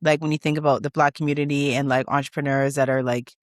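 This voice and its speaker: A woman, a business founder and podcast guest, telling a story in lively conversation and acting out the lines of others as she goes. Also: low voice, fast, dry recording, studio quality. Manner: animated, emotional, acts out quoted dialogue.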